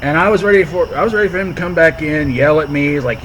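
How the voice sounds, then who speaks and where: A man telling a story in rambling, halting casual chat. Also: a little high, crowd noise, low-quality recording. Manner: rambling, halting, full of fillers. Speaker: guest storyteller.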